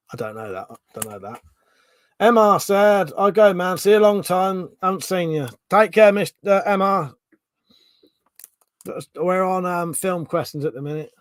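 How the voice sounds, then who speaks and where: A man's voice: high voice, moderate pace, no room sound. A man with a Home Counties English accent hosting a casual live stream, reading out chat questions, thinking aloud and swearing freely.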